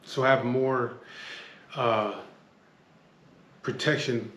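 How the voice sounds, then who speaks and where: A man tells a story in plain, casual speech, blunt and full of swearing, often stopping to restart a sentence. His voice sits at an ordinary middle pitch. The room echoes noticeably, with a faint hum of background noise. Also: fairly even intonation, extremely slow, a bit bright. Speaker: storyteller recounting a street standoff.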